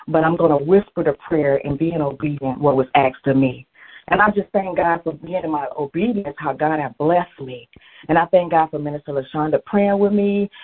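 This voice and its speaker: A middle-aged woman praises fervently as she tells her testimony, acting out the conversations she recounts. Her voice is husky and a little breathy. It reaches us through a narrow, tinny phone line. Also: deep voice. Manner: fervent, praising, storytelling with quoted exchanges. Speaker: church member sharing testimony. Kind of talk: fervent spoken church testimony. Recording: phone-line call audio.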